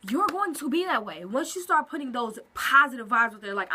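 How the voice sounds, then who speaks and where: A woman talking casually to camera at home in a vlog, expressive and animated with quick asides. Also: high voice, breathy edge. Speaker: vlogger. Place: at home, indoors.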